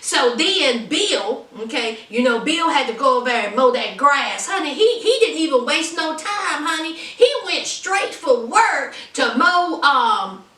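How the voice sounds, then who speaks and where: A woman chatting through a lively, sassy recap of a TV episode, full of asides to the viewer. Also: sits high, a little slow, hardly any pauses, roomy sound, distant mic. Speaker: TV episode reviewer.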